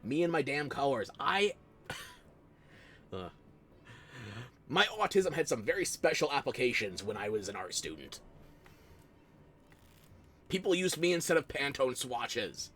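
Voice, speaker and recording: A man's voice: medium pitch, big pitch swings, a little slow, long pauses, a bit bright, soft background music. A man chatting casually with viewers while streaming a game, playful and self-deprecating, talking into a close desk microphone. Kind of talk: casual live-stream chat while playing.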